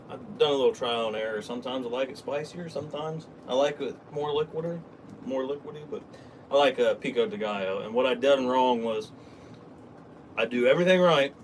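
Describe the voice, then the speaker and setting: A young man co-hosting a casual livestream, rambling easily and swearing now and then. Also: mid-range voice. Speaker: livestream co-host. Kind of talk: casual stoner chat. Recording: distant mic with faint background noise.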